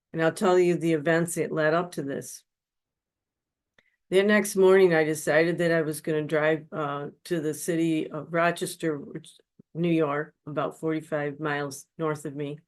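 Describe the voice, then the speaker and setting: A woman giving an earnest personal testimony as a guest speaker at a webinar, telling her story in a confessional way. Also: deep voice. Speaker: guest speaker, spiritual counselor. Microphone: webinar microphone.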